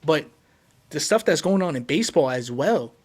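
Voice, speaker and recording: A casual sports podcast is hosted by a man from Puerto Rico whose voice sits high for a man. Moving at a moderate pace, he speaks with excitement, often stumbling, repeating himself, and reaching for fillers.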